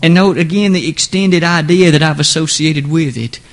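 A man's voice: on the high side, normal speed. A man preaching an earnest, emphatic sermon in a church, building to exclamations on key words.

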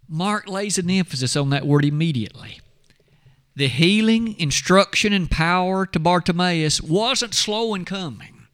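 A man preaching a sermon, reading scripture aloud and slowing down, lowering his voice for quoted lines. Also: bright, forceful tone. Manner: expository preaching, reads scripture aloud in measured tones.

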